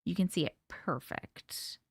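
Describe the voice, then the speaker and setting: A bubbly woman with a high, bright voice chats casually with viewers on her live stream. She greets people one after another in a sing-song way and giggles often, and the sound is close and dry. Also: lively intonation, normal speed, no echo. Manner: chatty and giggly.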